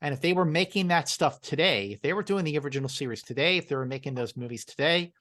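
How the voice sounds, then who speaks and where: Guest spot: man with a slightly high voice, emphatic and measured. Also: lively intonation, fairly bright tone. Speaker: podcast guest. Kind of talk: casual chat.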